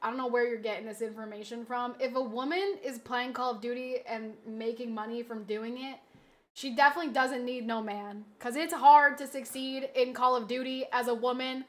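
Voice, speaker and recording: A woman's voice: on the high side, fairly even intonation, normal speed. A young adult woman streaming from home, chatting casually and bantering defensively with her chat, swearing freely.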